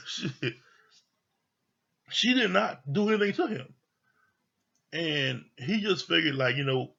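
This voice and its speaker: Raspy guy ranting through a tv recap, cusses a lot, kinda muffled lo-fi sound. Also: on the high side, a little slow, long pauses. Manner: blunt, swears freely, animated retelling. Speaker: TV show reviewer. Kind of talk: casual recap commentary.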